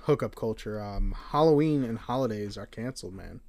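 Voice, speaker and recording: Brief: young male co-host, loose and profane, flares into animated rants. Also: on the low side, brisk. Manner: animated, swearing, rants in bursts. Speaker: podcast co-host. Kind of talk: casual chat.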